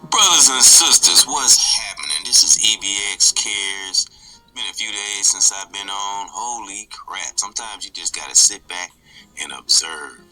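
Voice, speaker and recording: A man hosting his channel, groggy from just waking up, talking in a quiet, hesitant, low-key way in a casual comedy chat. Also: lively intonation, unhurried, faint music behind, poor audio. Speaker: channel host.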